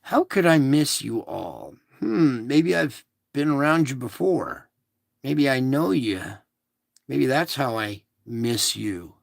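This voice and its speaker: A man hosting a casual spiritual show, talking in a slow, soothing, repetitive way to reassure his listeners. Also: medium pitch, big pitch swings, vocal fry, dry recording, clean studio sound. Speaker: show host. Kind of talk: casual spiritual livestream talk.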